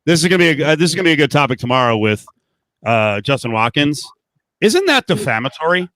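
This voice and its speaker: A man's voice: mid-range voice, animated, fast talker, fairly bright tone, no echo. A man hosting a live podcast over a video call, talking animatedly with many fillers. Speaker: podcast host. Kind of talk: casual live podcast chat.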